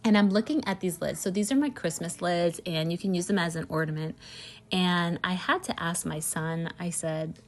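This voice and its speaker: A woman's voice: fairly low pitch, normal speed. A woman who makes candles, chatting casually in a storytelling vlog and rambling with lots of "like" and "you know.". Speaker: candle maker and small business owner.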